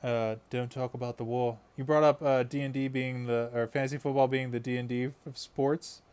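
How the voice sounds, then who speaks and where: A man's voice: medium pitch, fairly even intonation, normal speed, a little mellow, clean tone. A man chatting casually on a live stream while he paints miniatures, rambling and laughing often.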